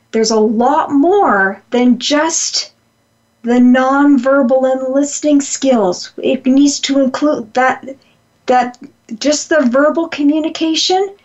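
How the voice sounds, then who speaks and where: Slow-talking high-voiced woman trainer. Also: darkish tone, muffled recording. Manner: conversational, repeats key points, frequent ums. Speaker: communication trainer. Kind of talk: lecture-style presentation.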